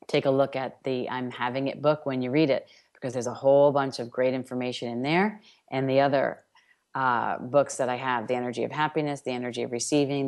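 A woman's voice: rumbling low, darkish tone. A woman from New York hosting a self-help radio show, speaking emphatically with chant-like repetitions.

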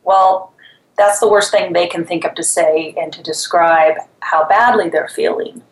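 A woman's voice: fairly low pitch, steady tone, measured pace, echoey room, poor audio. A woman therapist, a guest on a talk show, explaining things conversationally. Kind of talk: casual chat.

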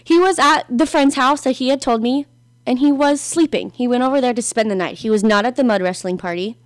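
A young woman casually telling a personal story on a podcast, animated and full of "like", acting out what people said. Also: a little high, fairly quick, no room sound. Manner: animated, acts out quoted voices, frequent "like".

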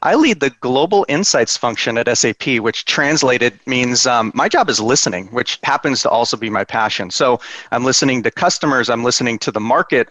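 A man speaking as a panel guest, thoughtful, with many ums and uhs as he pauses to think. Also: medium pitch, bright, forceful tone, no echo. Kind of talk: conversational panel talk.

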